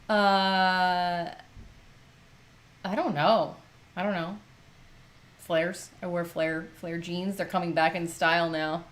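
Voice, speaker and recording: A woman's voice: on the low side, steady tone, takes it slowly, long pauses. A middle-aged woman co-hosting a livestream, chatting candidly and often sounding exasperated about her kids. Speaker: livestream co-host. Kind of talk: casual chat.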